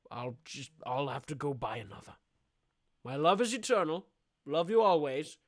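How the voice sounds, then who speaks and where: A man voicing an old-fashioned 18th-century suitor, speaking in a slow, theatrical, mock-tender way. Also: fairly high pitch, big pitch swings, no room sound, studio quality. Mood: mock-devoted.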